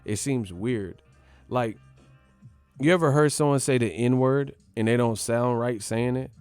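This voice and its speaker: A man's voice: mid-range voice, a little slow, darkish tone, clean tone, no room sound, soft background music. A man hosting a boxing channel, ranting casually with profane, mocking, slang-heavy talk. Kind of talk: casual rant to camera.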